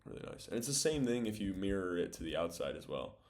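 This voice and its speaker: A man's voice: low-pitched, sing-song, fast talker, darkish tone, slight background noise. A young man casually breaking down volleyball game film, thinking aloud with lots of fillers as he goes. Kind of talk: casual video breakdown commentary.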